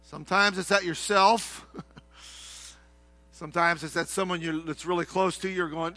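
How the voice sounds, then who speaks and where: A middle-aged man preaching a sermon, swinging from hushed, low passages to shouted, heated ones. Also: moderate pace, no echo. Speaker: pastor.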